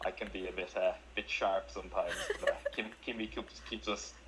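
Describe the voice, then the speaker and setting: A man's voice: sits low, steady tone, normal speed, a bit bright, slight background noise, poor audio. An Irish man in a casual live audio chat, friendly and restarting words often.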